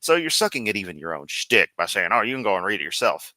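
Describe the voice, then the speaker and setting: A man's voice: on the low side, sing-song, quick pace, sharp tone, dry recording, rough recording. A man hosting a live stream, commenting casually and sarcastically with frequent uh and um. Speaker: streamer host.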